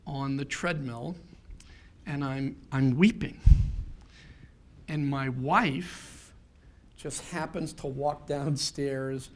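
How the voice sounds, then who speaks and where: Slow, earnest storytelling man. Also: mid-range voice. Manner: earnest, builds to emphatic rhetorical questions. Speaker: keynote speaker. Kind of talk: personal storytelling talk.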